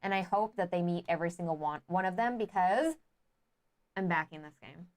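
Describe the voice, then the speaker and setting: A woman co-hosting a casual chat show and reading viewer comments, reacting excitedly. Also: on the low side, fairly quick.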